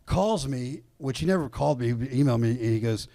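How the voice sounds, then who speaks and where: A man's voice: mid-range voice, fairly quick, no echo. Male podcast guest, casual profane storyteller, dry close mic, mid-range voice. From Atlanta comedy scene. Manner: rambling, profane, animated storyteller.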